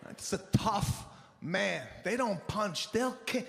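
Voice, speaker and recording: A male stand-up comedian doing a live routine, telling stories in an animated, exasperated way with big swings in voice. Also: extremely high pitch, measured pace, gravelly, a little hiss or hum. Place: theater stage before a live audience. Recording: echoey live venue with long reverb.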